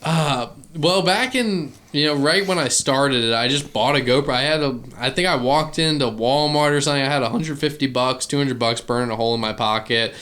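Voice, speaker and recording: A man in his early twenties from Virginia with a light Virginian accent, a guest chatting in a relaxed, easygoing way. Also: medium pitch, brisk, hardly any pauses. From Virginia, USA. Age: early 20s. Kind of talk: casual chat.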